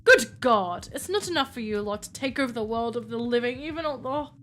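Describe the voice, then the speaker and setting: A woman's voice: on the high side, animated, a little fast, fairly bright tone. A woman voicing a grumpy male vampire in a game, in a put-on English accent, haughty and scornful. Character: grumpy male vampire patient, old-world gentleman.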